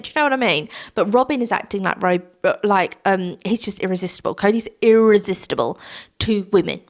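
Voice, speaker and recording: A woman's voice: medium pitch, fairly quick. A young woman casually recapping a reality TV episode, chatty and exasperated, firing off rhetorical questions. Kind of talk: casual recap chat to camera.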